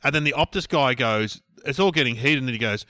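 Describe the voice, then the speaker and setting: A man's voice: medium pitch, brisk, bright, forceful tone, no echo. An Australian man, co-host of a comedy podcast, telling a story animatedly and acting out every character. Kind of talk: comic storytelling chat.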